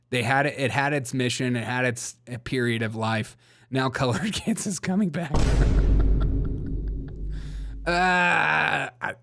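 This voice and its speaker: A man's voice: medium pitch, fairly bright tone. A man with a Southern US accent hosting a comedy news show, rambling and laughing often at his own jokes. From Southern United States. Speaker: host.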